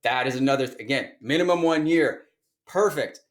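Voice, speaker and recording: A man's voice: medium pitch, lively intonation, brisk. Chatty man reading through listings. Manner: chatty, thinks aloud while reading listings. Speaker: online course instructor. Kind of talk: casual screen-share walkthrough.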